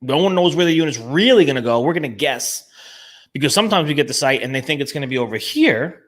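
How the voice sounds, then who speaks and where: A man's voice: fairly high pitch, lively intonation, quick pace, a bit bright. A man with a New Jersey accent hosting a casual live show, talking with energy and emphasis and often repeating words. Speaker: show host.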